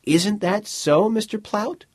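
A man's voice: high-pitched, slow, darkish tone, no echo, pitched above the performer's own voice. A man voicing a weary, earnest inventor who pleads his case, in an audiobook reading. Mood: pleading.

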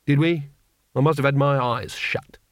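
A man's voice: mid-range voice, steady tone, moderate pace, noisy background, close to an everyday voice. A man voicing a cowardly male wizard who talks in a dry, sarcastic, exasperated way.

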